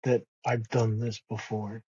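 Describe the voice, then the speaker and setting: A man speaks slowly and softly in a reflective podcast conversation, pausing and restarting as he goes. His voice is mellow and a little husky. The recording is dry and slightly dull. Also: on the low side, level tone, no echo. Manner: slow, soft-spoken, with many pauses and restarts. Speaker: podcast guest.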